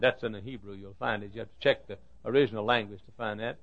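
A man preaching a sermon, telling a Bible story with dramatic swings from loud declarations to hushed asides. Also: lowish voice, fairly even intonation, fast, dull audio. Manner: acts out the Bible characters' lines.

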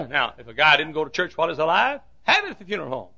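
A man preaching a fiery sermon, swinging from shouts to hushed asides. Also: on the high side, big pitch swings, fast talker, creaky, lo-fi sound. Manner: fiery preaching with sudden shouts and drops to quiet. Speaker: pastor.

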